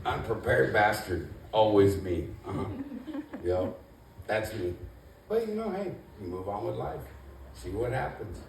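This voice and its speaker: A man's voice: on the low side, very animated, unhurried, vocal fry. A man doing a laid-back, rambling stand-up set in a comedy club, self-deprecating and full of "you know". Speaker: first-time stand-up comedian. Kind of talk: stand-up routine. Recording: echoey club room, mic at a distance, noisy.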